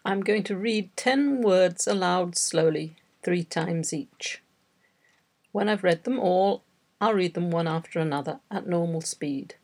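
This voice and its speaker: A woman in her fifties reads a dictation exercise with slow, deliberate care. Her voice is low, gravelly and a little husky. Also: darkish tone. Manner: slow, deliberate word-by-word reading. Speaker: teacher.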